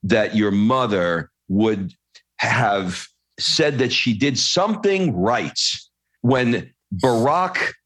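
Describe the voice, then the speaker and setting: A man hosting a podcast interview, reading a story aloud and then talking in a lively, casual way, swearing now and then. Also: lowish voice, slightly rough, no echo. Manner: animated, swears casually, quick asides. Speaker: podcast host.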